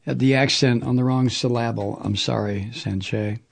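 A man's voice: mid-range voice, fairly even intonation, moderate pace, creaky. A man hosting a political talk radio show, ranting with profanity and sarcasm, then reading sponsor messages. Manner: profane, heated, sarcastic, mocking impressions.

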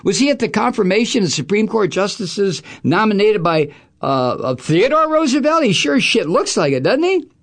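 A middle-aged male talk radio host delivers an angry, profane political rant laced with sarcasm. His voice swings widely between low grumbles and sharp peaks. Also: sing-song, moderate pace.

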